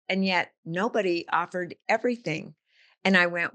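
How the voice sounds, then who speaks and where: Older woman telling stories, lower voice. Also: normal speed, sharp tone. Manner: storytelling with vivid analogies. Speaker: guest, business coach and author. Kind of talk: casual interview talk.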